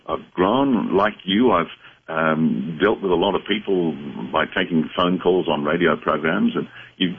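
A man speaking as a psychic medium guest on a talk radio show, explaining in a measured, reflective way. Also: deep voice, slightly rough. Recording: phone-line sound.

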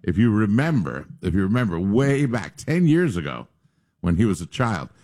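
A man's voice: fairly low pitch, very animated, normal speed, darkish tone. A man who is a team president, chatting and praising his staff in a casual radio interview.

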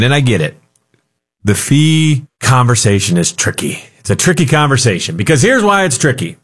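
A man co-hosting a radio talk show, talking casually in a jokey, animated way and laughing often. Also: mid-range voice, normal speed, breathy edge.

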